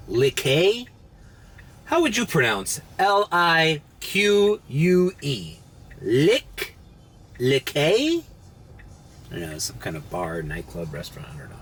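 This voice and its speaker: A man's voice: fairly low pitch, fairly bright tone. A man vlogging casually while driving rideshare, rambling and swearing freely. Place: inside a car on city streets. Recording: noisy car cabin. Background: car and road noise.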